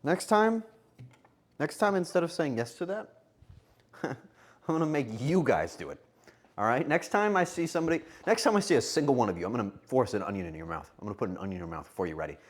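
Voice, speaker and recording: Playful streamer guy joking with chat while cooking, pitch all over the place. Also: big pitch swings, fast.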